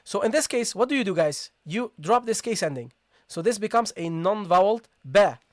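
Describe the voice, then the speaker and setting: Lively in intonation and a little mellow, a mid-range voice guides a live-streamed online recitation lesson step by step. The teacher keeps checking understanding with "okay?" and slowly sounds out letters to demonstrate, on a dry, clean studio recording.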